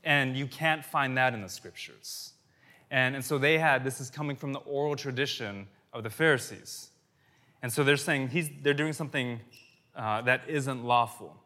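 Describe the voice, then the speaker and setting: Conversational preaching man, swings loud to soft. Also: medium pitch, moderate pace. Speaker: pastor. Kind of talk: sermon.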